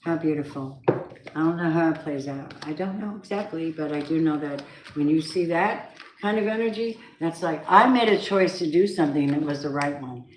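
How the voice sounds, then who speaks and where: A woman's voice: low-pitched, normal speed, slight background noise. A woman giving a weekly tarot reading, chatty and blunt, talking straight to the viewer. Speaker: tarot reader. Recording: roomy echoey room.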